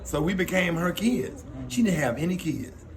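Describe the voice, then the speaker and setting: A man's voice: sits high, very animated, moderate pace, slight background noise. A man hosting a radio show, telling personal stories in a casual way and laughing often. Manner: laughs often, tells stories with quoted voices. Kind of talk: casual storytelling on air.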